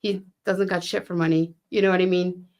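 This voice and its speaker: Podcast guest: lower-voiced woman, casual storyteller who swears and voices the people she quotes. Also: flat delivery, a little fast. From Fall River, Massachusetts. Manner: chatty, swears freely, acts out quoted dialogue; frequent "um" and "you know what I mean".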